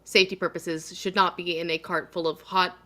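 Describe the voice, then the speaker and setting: A woman runs a live tabletop horror game. Her voice is bright and a touch low, and she lays out the scene slowly for atmosphere. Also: little pitch movement. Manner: slow, atmospheric narration with laughs. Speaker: game master.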